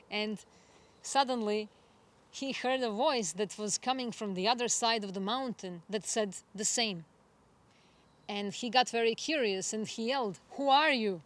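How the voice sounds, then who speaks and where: A woman astrologer giving a spiritual forecast monologue, gentle and reflective, unhurried and earnest. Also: mid-range voice. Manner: gentle, reflective, soft laughs.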